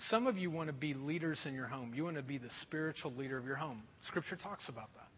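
A middle-aged man preaching a sermon as a pastor, telling a self-deprecating story in an animated way. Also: fairly high pitch, fast, slight background noise. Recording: dull sound with long hall reverb.

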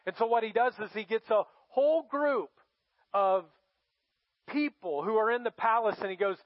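Male pastor, sermon, high voice, dramatic storytelling, dry dull recording. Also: normal speed, no room sound. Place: church.

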